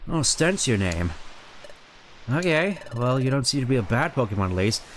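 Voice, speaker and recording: A man's voice: mid-range voice, very animated, moderate pace, a little hiss or hum, close to an everyday voice. A man voicing a friendly young partner Pokémon in a video game, in a plain, earnest and kindly way.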